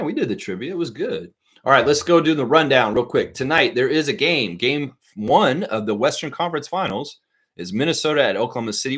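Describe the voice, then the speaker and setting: A man's voice: mid-range voice, fairly bright tone, breathy edge. A man hosting a casual live stream, chatting loosely and reading viewer comments aloud. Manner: chatty, reads chat aloud, sings snatches of songs.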